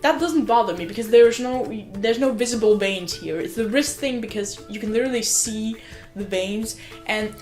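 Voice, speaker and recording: A young woman, a student, chatting casually in a vlog at home, excitable and gushing, swearing and filling her talk with "like". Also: fairly high pitch, normal speed. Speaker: student vlogger. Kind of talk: casual rambling vlog chat. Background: faint music from another room.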